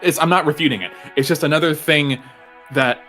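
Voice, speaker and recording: A man's voice: a little high, fairly quick, over music. A man streaming casually with friends, swearing freely, restarting sentences and reading game text aloud.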